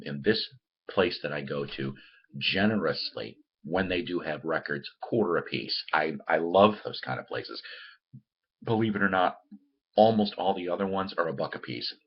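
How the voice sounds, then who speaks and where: Very deep, husky-voiced man chatting casually. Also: muffled recording. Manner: rambling, repeats words and restarts, addresses viewers as guys. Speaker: host of a record-collecting show. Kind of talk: casual chatty monologue to viewers. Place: room at home.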